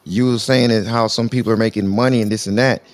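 A man's voice: lowish voice, fairly even intonation, fast. A man hosting a live call-in talk show, slangy and teasing, calling his callers brother. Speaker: host.

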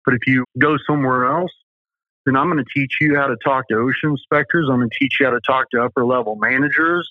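A man's voice: medium pitch, steady tone, fast talker, dry recording. A man with a Southern US accent, a safety company owner telling folksy, emphatic stories as an interview guest. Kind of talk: interview talk. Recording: tinny phone-like line.

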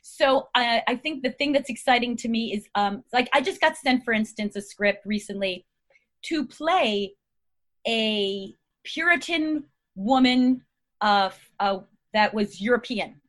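A woman's voice: a little high, lively intonation, unhurried, a bit bright. A middle-aged American woman, an actress guest, chatting in a rambling, bubbly way and laughing often. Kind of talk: casual interview chat.

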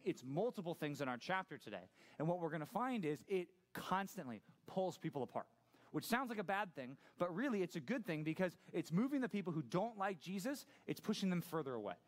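Chatty youth pastor with a higher voice. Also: male voice. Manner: conversational, asks the listeners questions often. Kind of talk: sermon to a youth audience.

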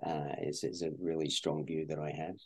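A man's voice: a bass voice, level tone, normal speed, slightly rough. An Australian man, a guest in an interview, talking in a rambling way with many fillers and restarts. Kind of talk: conversational interview.

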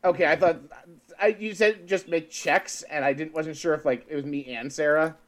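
A man's voice: a little high, steady tone, moderate pace. A man playing a tabletop game, talking casually in a hesitant, rambling way. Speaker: player.

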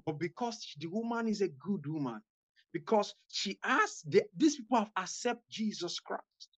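A woman's voice: medium pitch, animated, moderate pace, fairly bright tone. A woman preaching as a guest evangelist, making fervent, repetitive appeals to her listeners.

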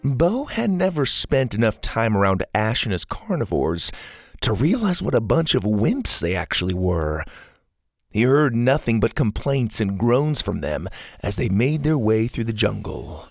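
Brief: male storyteller for a kids' audio series, unhurried, gravelly, very lively pitch. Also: no echo. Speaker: narrator. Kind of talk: children's audio story narration.

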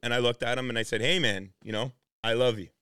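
A man's voice: medium pitch, fairly even intonation, fast talker, pushed and bright, smooth, dry recording, studio quality. A man co-hosting a casual podcast, easygoing and agreeable, often saying yeah. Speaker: podcast co-host.

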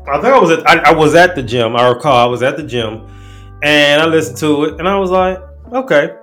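A man's voice: a little high, expressive, a little fast, fairly bright tone, soft background music. A man hosting a casual commentary show, talking in a laid-back, slangy way and often restarting his sentences. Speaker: host. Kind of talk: casual commentary breaking down rap lyrics.

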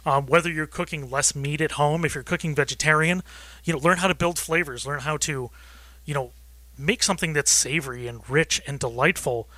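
A male food podcaster talks with real enthusiasm as a radio guest. His voice sits a bit high and bright, and the sound is close and dry. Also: a little fast, no room sound. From Rochester, New York. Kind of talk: casual radio interview.

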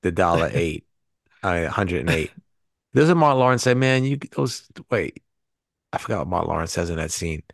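A man's voice: sits low, lively intonation, a little fast, creaky, pauses often, no echo, clean studio sound. A man co-hosting a podcast, talking through favorite film scenes in a rambling way with frequent restarts. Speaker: podcast co-host. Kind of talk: casual movie review chat.

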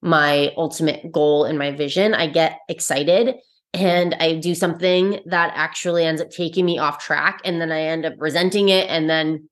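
Earnest lower-voiced woman podcast host. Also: steady tone, moderate pace. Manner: earnest, reflective, with frequent fillers and restarts. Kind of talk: casual solo podcast talk.

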